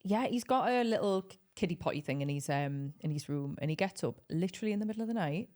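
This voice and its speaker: A woman's voice: lowish voice, lively intonation, fast, a little mellow. A woman co-hosting a podcast in casual chat, talking bluntly and swearing freely. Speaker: podcast co-host.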